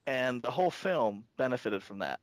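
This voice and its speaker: A man co-hosting a casual fan discussion podcast, talking in halting bursts full of restarts and fillers. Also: medium pitch, lively intonation, no room sound. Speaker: podcast co-host.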